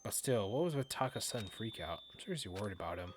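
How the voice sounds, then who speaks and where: A man's voice: lowish voice, lively intonation, quick pace. A man streaming a video game, reading its dialogue aloud with casual comments. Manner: casual, reads text in hushed narration. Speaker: let's play streamer. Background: game music.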